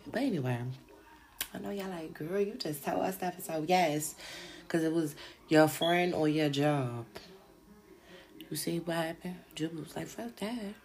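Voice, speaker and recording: A woman with a low, creaky voice hosts a podcast, gossiping casually about crime shows. She's slangy and profane, often making asides to her listeners.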